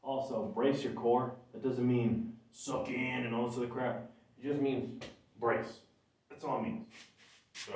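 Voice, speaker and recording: A man's voice: medium pitch, steady tone, measured pace, pauses often, darkish tone. A man lifting weights and talking casually about his workout, out of breath between sets. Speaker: gym vlogger. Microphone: camera from a distance. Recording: echoey room from far off, faint noise.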